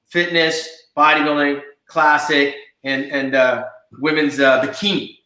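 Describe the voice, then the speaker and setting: In an echoey room, this fifty-something podcast co-host tells stories with enthusiasm during a relaxed conversation. His voice is on the high side, pushed and bright, with a flat delivery and a slightly slow pace.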